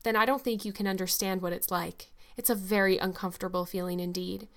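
Audiobook casting: a woman reading as a dreamy orphan girl of eleven, gushing and dramatic, pitched a little above the reader's own middle voice. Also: steady tone, brisk, gravelly, a bit bright. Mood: eager.

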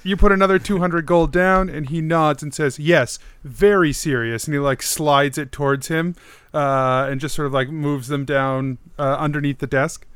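Slightly high-voiced man running a game. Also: little pitch movement, normal speed, a bit bright, clean tone, no echo. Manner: hesitant, many fillers. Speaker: game master. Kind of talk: narrating a tabletop game.

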